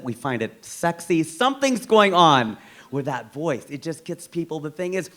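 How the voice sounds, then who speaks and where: A man performing a stand-up comedy set, delivering punchlines with animated incredulity. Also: fairly high pitch. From United States.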